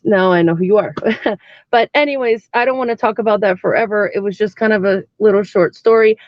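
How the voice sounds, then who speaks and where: A woman's voice: medium pitch, no echo. A woman in her thirties talks loosely to her stream viewers, full of likes and ums as she wanders between topics. The sound is dry and close, with a dull lo-fi edge from the stream mic. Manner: chatty and rambling, many fillers and likes. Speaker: live streamer. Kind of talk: casual live-stream chat.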